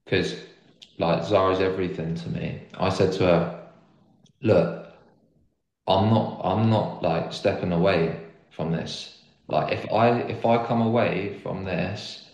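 A young man with a lowish voice tells his story in a loose, earnest ramble, leaning on filler words as he goes. The room around him is echoey and reverberant. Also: a little mellow. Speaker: guest footballer. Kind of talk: casual storytelling chat. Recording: roomy echo.

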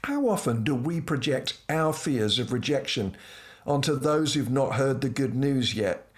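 A middle-aged man tells a comic travel anecdote with dry, self-deprecating humor. His voice sits at an ordinary middle pitch, and he delivers the story as scripted narration with playful asides. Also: expressive, a little slow. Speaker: preacher telling a personal anecdote.

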